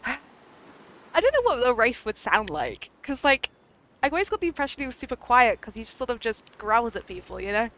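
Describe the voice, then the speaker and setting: A woman's voice: fairly high pitch, moderate pace, pauses often. A woman streaming a dating game, reading the lines aloud and reacting with giggles and silly attempts. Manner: giggly, excitable, trying out silly accents.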